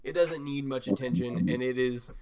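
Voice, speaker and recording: A young man narrating as game master of a tabletop game, animated and quick to laugh. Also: medium pitch, a crowd in the background.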